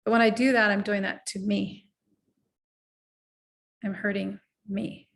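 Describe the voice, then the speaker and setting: A middle-aged woman life coach giving an earnest, reflective motivational talk, sometimes guiding the listener through slow breathing. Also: mid-range voice, flat delivery, gravelly.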